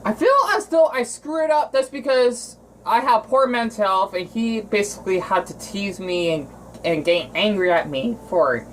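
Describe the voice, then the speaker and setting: A man from Arizona talking in a casual cooking vlog, rambling and emotional, with frequent restarts and halting phrases. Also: high voice, expressive, a little hiss or hum, rough recording. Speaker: vlogger.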